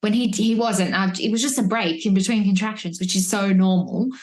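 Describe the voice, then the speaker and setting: A woman's voice: mid-range voice, steady tone, fairly quick, darkish tone. Chatty woman telling a story. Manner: chatty and reflective, frequent "like" and restarts. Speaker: podcast guest, mother of three. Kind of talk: casual birth-story telling. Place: at home, holding a baby. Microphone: wearing headphones, remote podcast recording.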